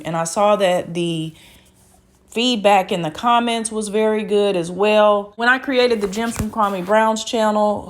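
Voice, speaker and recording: A woman who runs her own channel, giving calm, reflective commentary that encourages. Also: mid-range voice. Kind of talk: commentary to camera.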